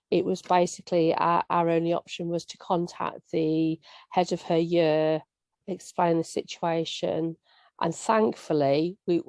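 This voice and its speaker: A woman's voice: lowish voice, vocal fry, warm tone, dry recording. A woman hosting a live panel as a parent, talking in an earnest, conversational way with some restarts.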